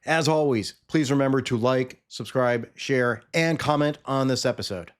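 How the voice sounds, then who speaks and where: Male podcast host, mid-pitched, chatty explainer, fills pauses as he goes. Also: noisy background. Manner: explanatory, with frequent fillers and restarts in chat. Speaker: podcast host reviewing TV episodes. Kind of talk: casual review chat with a scripted intro.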